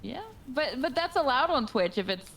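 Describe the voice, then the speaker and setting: A woman guest in casual chat, low-key, mostly giving short agreeing replies. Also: big pitch swings, normal speed, fairly bright tone, slight background noise.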